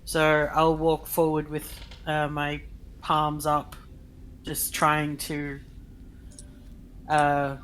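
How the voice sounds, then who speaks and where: A man playing a tabletop game, describing his turn in a measured way. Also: fairly high pitch, monotone, fairly bright tone, a little hiss or hum, poor audio. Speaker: player. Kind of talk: casual tabletop play.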